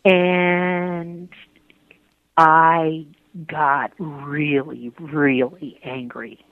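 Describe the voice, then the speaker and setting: A woman recalls a painful time in her faith life, earnest and halting. She restarts her sentences often, and her voice comes through a tinny, dry phone line. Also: deep voice, flat delivery, dry recording. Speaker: interviewee. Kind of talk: personal faith interview.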